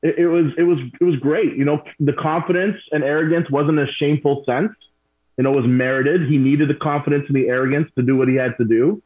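Casting: blunt male interview guest, husky voice, thin phone-like lo-fi sound. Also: on the high side, fairly even intonation, fast talker. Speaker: guest, martial arts academy owner. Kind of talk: casual interview talk.

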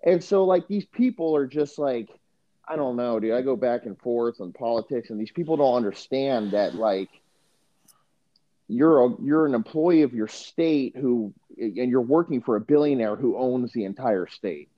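A man's voice: medium pitch, lively intonation, normal speed. A young man co-hosting a podcast in casual chat, rambling and profane, saying "dude" often. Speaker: podcast co-host. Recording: dull lo-fi sound.

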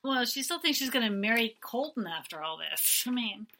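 A woman's voice: on the high side, very animated, normal speed, pushed and bright. A woman chatting casually as co-host, making dry, blunt asides. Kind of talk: casual chat. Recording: noisy background.

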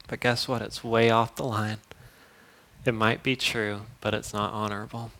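A young man preaching a casual, conversational sermon, upbeat and then dropping to a soft prayerful tone. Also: on the low side, flat delivery, normal speed, vocal fry. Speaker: pastor.

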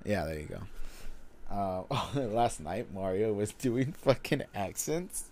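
A young man chatting casually about favorite songs, profane and quick to laugh. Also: fairly low pitch. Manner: profane, laughs often, lively storytelling. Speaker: co-host. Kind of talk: casual chat.

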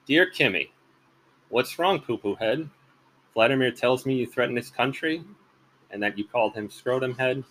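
A man's voice: mid-range voice, normal speed, long pauses, fairly bright tone, slight background noise, voice pushed up, lightly acted, low-quality recording. A man voicing a blustering older male politician who reads out a crude, mocking love letter.

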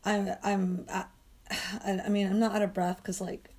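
A woman rants in a hoarse, sandpapery voice, swearing constantly as she vents. Her talk is exasperated and restless, with sudden flare-ups into loud, sharp complaint. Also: medium pitch, little pitch movement, moderate pace. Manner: profane, ranting, exasperated. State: hoarse, strained voice. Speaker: dog walker and coach. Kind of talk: angry venting monologue.

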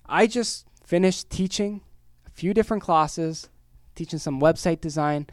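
A man from Canada hosting a casual solo podcast, energetic and rambling with jokes, his voice worn hoarse. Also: on the high side, a little slow, no echo, clean studio sound. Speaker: podcast host.

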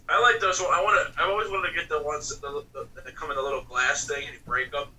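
A man's voice: on the high side, normal speed, bright, forceful tone. A man in a casual chat, chiming in with short, laughing reactions. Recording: voice picked up from some distance.

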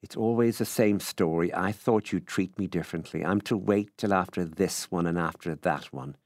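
A man's voice: deep voice, normal speed, darkish tone, no room sound, clean studio sound. A man reading aloud, voicing a proud, irritable middle-aged widow who owns farmland, speaking in a clipped, cross way.

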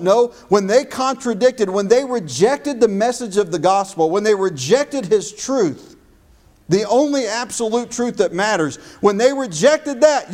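High-voiced emphatic male pastor preaching. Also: expressive, darkish tone. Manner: emphatic preaching with slowed, stressed phrases. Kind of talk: sermon.

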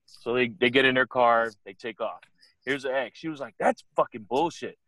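A young man co-hosting a casual podcast, telling a story in an animated, profane way and acting out the other people's voices. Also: mid-range voice, normal speed, no room sound.

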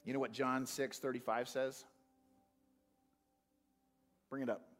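A man preaching a sermon, animated, swinging from loud calls to quiet, earnest talk. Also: medium pitch, slow pace, soft background music. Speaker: pastor.

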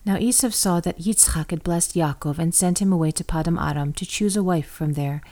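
A woman reading scripture aloud as scripted narration, steady and even. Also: on the low side, a little fast. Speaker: scripture reader.

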